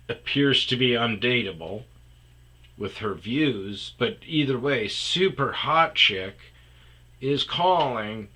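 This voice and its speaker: A man's voice: mid-range voice, bright, forceful tone, breathy edge. A man hosting a podcast, telling a rambling, self-mocking story in casual chat, full of fillers and restarts. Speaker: podcast host.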